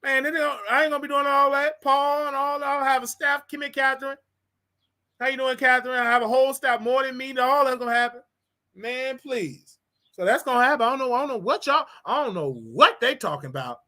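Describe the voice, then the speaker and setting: Bright-voiced man ranting live. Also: very high-pitched, brisk. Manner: animated and repetitive, preachy asides; talks straight to viewers. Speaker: livestream show host. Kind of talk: casual livestream rant.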